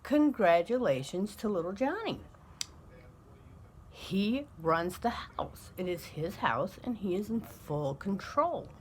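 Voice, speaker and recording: A woman's voice: mid-range voice, animated, slow pace, a little hiss or hum. A woman giving a comic mock lesson on parenting, lecturing in an emphatic tone. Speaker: vlogger giving parenting advice.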